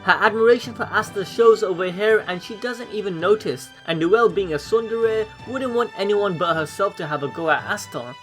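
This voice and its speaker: High-voiced sarcastic male commentator. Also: fairly bright tone. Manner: casual, sarcastic, with slang and swearing. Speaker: anime commentary narrator. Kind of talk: scripted voice-over commentary. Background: faint background music.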